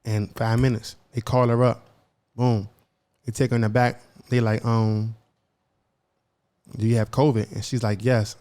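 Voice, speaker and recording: A man's voice: medium pitch, level tone, measured pace, darkish tone. A young man co-hosting a podcast who tells a personal story in casual talk, acting out each side of the conversations and often repeating and restarting his phrases. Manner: retells events by acting out both sides of conversations. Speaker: podcast co-host.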